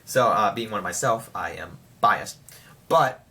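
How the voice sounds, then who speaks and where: A young man rambling excitedly through a casual spoiler review of a TV show. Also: fairly low pitch, a little slow.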